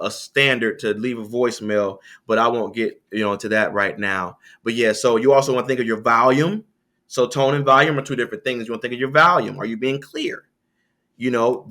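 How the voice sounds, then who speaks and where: A man speaks as a guest on an interview show, coaching listeners on sales calls. His voice is bright and sits at a middle pitch. He talks in an animated way, often restarting his sentences. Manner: animated, lively pitch swings, frequent restarts.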